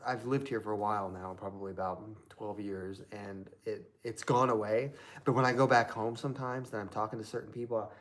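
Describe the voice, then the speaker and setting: Chatty rambling man, lowish voice. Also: fairly even intonation, brisk, fairly bright tone. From Southern Indiana. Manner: rambling, chatty, many fillers. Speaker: live stream host. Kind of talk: casual live stream chat.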